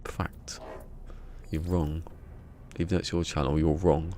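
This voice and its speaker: A man's voice: a bass voice, little pitch movement, moderate pace, mellow, a little hiss or hum. A man chatting casually on a live game stream, joking and rambling with frequent laughter.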